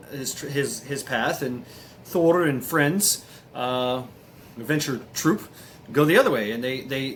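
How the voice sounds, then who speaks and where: A man's voice: medium pitch, a bit bright, a little hiss or hum. A man casually retelling a myth, rambling and hesitant with many fillers. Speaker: storyteller.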